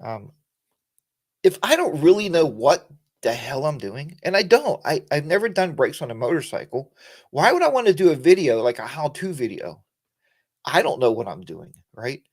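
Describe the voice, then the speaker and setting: This motorcycle channel host, a middle-aged man from the US, chats loosely on a live stream, wandering between thoughts with lots of fillers and false starts. His slightly rough, somewhat high voice has a sing-song lilt at a moderate pace.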